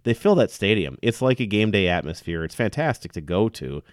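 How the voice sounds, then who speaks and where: A man's voice: fairly low pitch, very animated, fairly quick, no room sound, studio quality. A man co-hosting a casual sports chat, opinionated and laughing often, restarting his sentences as he talks. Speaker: podcast co-host.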